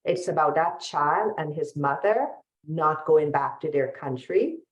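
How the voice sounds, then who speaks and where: A woman's voice: low voice, expressive, measured pace. A woman refugee lawyer speaking earnestly on a webinar panel, telling stories from her work. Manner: earnest, storytelling. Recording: echoey room sound.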